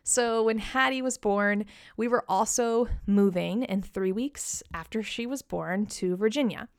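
A woman's voice: mid-range voice, measured pace, smooth, dry recording, studio quality. A woman in her thirties hosting a podcast, telling a personal story in a candid, chatty way and laughing at herself. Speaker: podcast host.

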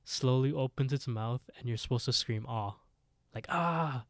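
A man's voice: medium pitch, fairly even intonation, fairly quick, dry recording, studio quality. A man co-hosting a podcast, retelling a scary story in casual chat with lots of fillers. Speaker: podcast co-host.

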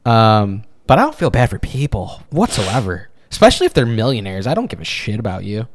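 A man's voice: fairly low pitch, big pitch swings, fairly quick. A man from the Chicago suburbs co-hosting a podcast, chatting casually in a crude, teasing way. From Chicago suburbs, USA. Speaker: podcast co-host. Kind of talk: casual chat.

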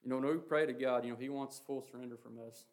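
A man giving an informal, earnest sermon, talking haltingly with many fillers and reading scripture passages aloud. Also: medium pitch, fairly even intonation. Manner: halting, heavy with "you know" and "um" fillers. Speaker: preacher. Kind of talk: informal sermon on the Lord's Prayer.

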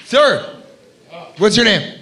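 A man hosting a live comedy podcast, riffing loudly with laughter and crude jokes from a club stage. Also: high voice, big pitch swings, takes it slowly. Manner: loud, laughing, profane riffing. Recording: live club recording with crowd noise. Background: laughing live audience.

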